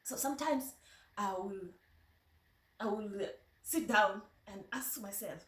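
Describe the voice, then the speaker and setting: A woman with a Luo accent talking in a casual vlog, telling stories in a chatty, halting way and often restarting her sentences. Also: medium pitch, a bit bright. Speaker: vlogger. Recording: echoey room, voice from a distance.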